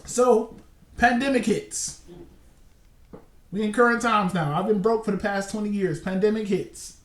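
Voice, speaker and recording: A man's voice: sits high, measured pace, long pauses. A man in his forties giving casual commentary and spinning a long hypothetical scenario, repeating points for emphasis. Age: 40s. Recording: roomy echo, distant mic.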